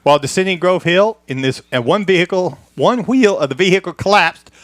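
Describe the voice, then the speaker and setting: A man's voice: high voice, animated, fairly quick, fairly bright tone, no room sound. A man presenting a history segment on a radio car talk show, reading from a script with a good-humored chuckle.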